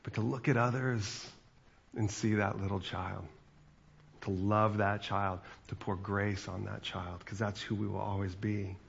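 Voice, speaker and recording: A man's voice: lowish voice, steady tone, measured pace, creaky, muffled recording, slight background noise. A man in his forties, a pastor, giving a chatty sermon with asides to the congregation.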